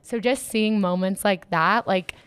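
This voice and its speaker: A young woman talks in a casual interview, excitable and full of "like" fillers as she tells about her work. Her voice is smooth and clear. The sound is dry and close, with no room around it. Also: mid-range voice, a little slow, no room sound. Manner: chatty, lots of "like" fillers, excitable. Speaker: event organizer and DJ manager. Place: Miami.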